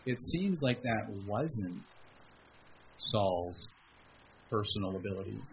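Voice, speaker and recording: A man's voice: on the low side, takes it slowly. Male pastor, sermon, fervent, pleading prayers, muffled recording, faint hiss. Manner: builds from calm teaching to loud fervent exhortation; acts out his own prayers in a raised, pleading voice.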